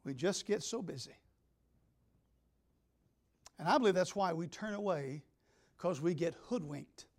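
A pastor preaching an emphatic sermon, swinging between loud declarations and hushed asides. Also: male voice, sits high, animated, a little slow, long pauses.

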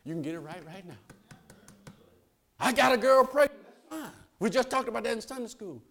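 An older man preaching a sermon, calling out to the congregation and rising to shouts. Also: very high voice, expressive, a little fast.

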